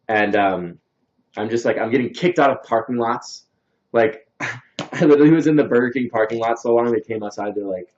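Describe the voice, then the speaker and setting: A young man casually rambling through a story and reading out viewer comments on a livestream, with lots of fillers. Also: on the low side. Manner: answers viewer comments and thanks them. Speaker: livestream host. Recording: dull lo-fi stream audio.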